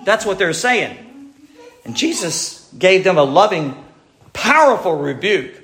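Man, pastor, sermon, emphatic preaching, slightly high voice, echoey room. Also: very animated, a little slow, fairly bright tone. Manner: preaching with rising emphatic passages.

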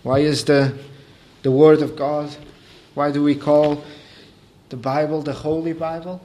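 Male preacher, fairly high voice, earnest sermon delivery that swells to emphasis. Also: level tone, measured pace. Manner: builds from quiet explanation to raised, emphatic preaching.

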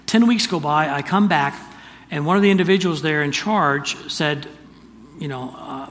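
Older guy preaching, earnest and halting, a bit high voiced, echoey church hall. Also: a bit bright. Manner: earnest, halting storyteller with restarts. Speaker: pastor. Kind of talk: sermon with personal story. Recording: distant reverberant hall, faint ambience.

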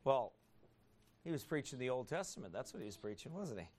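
A man preaching a sermon as a pastor. He asks the congregation rhetorical questions, builds into loud emphatic passages and reads scripture in a slow, drawn-out cadence. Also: medium pitch, very animated.

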